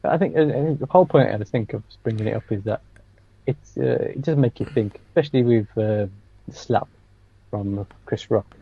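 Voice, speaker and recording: An English stand-up comedian co-hosting a podcast chats casually, sharing anecdotes and laughing often. His voice is lowish and husky with vocal fry, at normal speed, and the recording is dry and dull.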